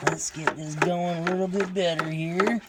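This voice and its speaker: A man's voice: high voice, steady tone, normal speed, very noisy. A man casually explaining how to wash his dog, joking and rambling to viewers, recorded on a phone outdoors at night over running water. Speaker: dog owner demonstrating. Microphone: phone camera held by another person.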